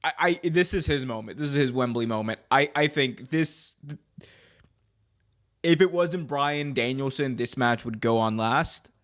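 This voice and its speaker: A man's voice: mid-range voice, a little slow, a bit bright. A young man hosting a podcast, chatting casually and building hype with jokes and enthusiasm. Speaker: podcast host. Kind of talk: casual wrestling podcast chat.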